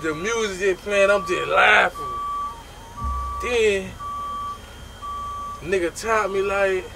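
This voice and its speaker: A man tells a story from his own life in loose, casual talk, animated and full of swearing. His voice sits a bit high for a man, and he breaks into his own mouth sound effects as he goes. A faint hiss runs under the recording. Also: takes it slowly, gravelly.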